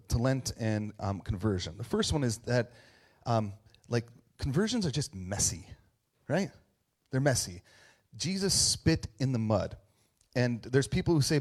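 A man's voice: mid-range voice, big pitch swings, moderate pace, darkish tone. A man preaching a casual sermon, reading scripture aloud and commenting on it in a conversational, joking way. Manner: conversational, joking, with frequent fillers and laughs.

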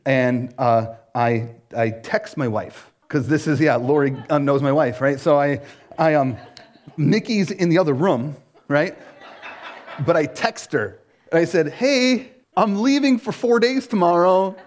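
A man preaching a casual sermon as a pastor, telling a personal story in an animated way, full of "like" and "right?". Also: medium pitch, a little slow. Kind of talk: conversational sermon.

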